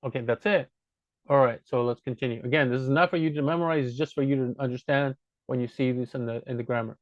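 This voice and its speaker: A language teacher with a medium-pitched voice talks fast through a casual spoken grammar lesson, patiently repeating points to drive them home. The recording is dull, dry, and lo-fi, with no room sound.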